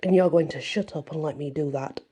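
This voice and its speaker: Woman reader doing a restrained, furious young male werewolf warden; dark, hushed, whispered role-play. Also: low-pitched, fairly quick, slightly rough. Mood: controlled anger.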